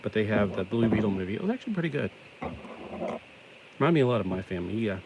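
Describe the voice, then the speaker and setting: Middle-aged male vlogger, low voice, loose self-mocking banter, steady background noise. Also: fast, creaky, highs cut off. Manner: chatty, self-deprecating, joking asides. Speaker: toy-building vlogger. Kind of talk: casual rambling chat while building.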